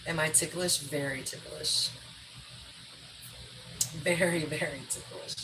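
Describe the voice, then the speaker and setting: A woman with a low, deep-set voice talks bluntly on a casual livestream, swearing freely as she puts groceries away. Room noise is plainly heard behind her. She sounds like she is in her kitchen. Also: steady tone, takes it slowly. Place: home kitchen.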